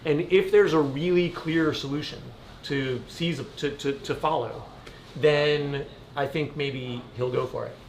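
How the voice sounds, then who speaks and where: A man makes an emphatic political argument, pausing for "right?" again and again. His voice runs slightly high. The sound is roomy, with faint noise behind. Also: fairly even intonation. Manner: emphatic, keeps adding "right?". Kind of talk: animated political conversation.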